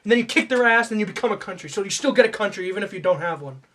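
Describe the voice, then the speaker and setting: A man doing a comedic rant, swearing and shifting from mumbled asides to mock-angry yelling. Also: sits high, lively intonation, racing, over a noisy crowd.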